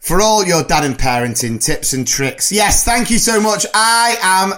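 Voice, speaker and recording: A man's voice: high-pitched, unhurried, a bit bright, faint music behind. A man co-hosting a podcast in casual chat, chatty and laughing often as he rambles through the sign-off. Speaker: podcast co-host.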